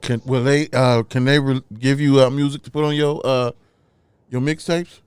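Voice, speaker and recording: An easygoing man hosts a casual interview, joking as he asks questions. His voice is smooth and resonant, recorded dry and close with no room sound. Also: mid-range voice, fairly even intonation, normal speed, a little mellow, no room sound. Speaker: host.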